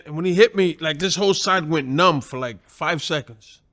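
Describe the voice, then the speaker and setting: A man in his sixties, a guest telling animated, profanity-laced stories in casual conversation, laughing at his own tales. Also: on the high side, moderate pace. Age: 60s. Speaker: guest, boxing trainer and former champion. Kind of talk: casual storytelling.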